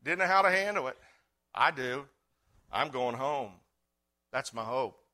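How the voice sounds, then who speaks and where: A middle-aged man preaching a sermon, swinging between loud fervent cries and quiet earnest talk. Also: mid-range voice, animated, measured pace. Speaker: pastor.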